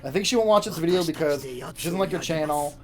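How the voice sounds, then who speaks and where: A woman's voice: low voice, fast talker. A woman telling a rambling, giggly story to a friend while they play a video game. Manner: giggly, rambling, animated retelling. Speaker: let's play co-host. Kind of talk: casual storytelling chat. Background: game music.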